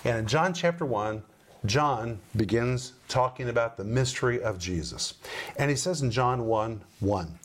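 A middle-aged man hosting a Bible-teaching program, who talks emphatically and slows down to stress key words. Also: mid-range voice, animated.

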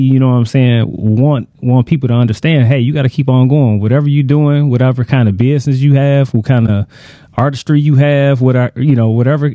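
A man hosting a podcast in relaxed casual chat, slangy and rambling with lots of fillers. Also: mid-range voice, no echo. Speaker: podcast host.

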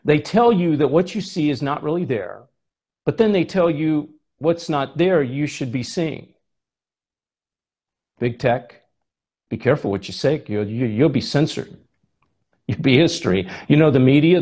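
A male preacher delivers a sermon in a somewhat high, husky voice. His pitch swings widely as he tells stories and fires off rhetorical questions. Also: a little slow, pauses often. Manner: animated storytelling, rhetorical questions.

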